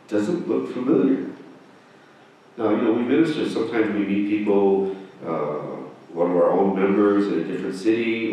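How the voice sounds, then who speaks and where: A middle-aged man, a guest minister, giving a humorous dharma talk full of anecdotes and mimicking people in high voices. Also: a little mellow. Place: temple hall. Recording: echoey temple hall from far off, faint noise.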